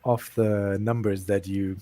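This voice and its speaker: A man hosting a casual chat, relaxed and chatty, often laughing. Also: fairly low pitch, a little slow. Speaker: host.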